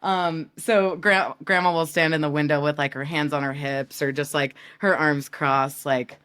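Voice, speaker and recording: A woman's voice: low-pitched, steady tone, moderate pace, fairly bright tone, smooth. A woman in her thirties from New York, chatting as a guest, teasing and laughing often. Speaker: guest, business partner. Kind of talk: casual chat.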